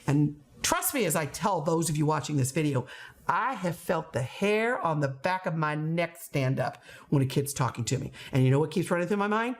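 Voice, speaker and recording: A middle-aged woman coaching teachers in a playful, animated way, often acting out the voices she quotes. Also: low-pitched, moderate pace. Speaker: teacher trainer.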